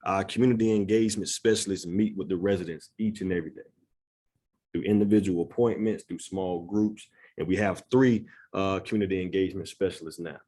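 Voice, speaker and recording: A low, mellow male voice moves at a fairly quick clip with fairly even intonation. He's the executive director of a neighborhood nonprofit, giving an earnest, conversational community presentation in a church room and often checking in with "right?".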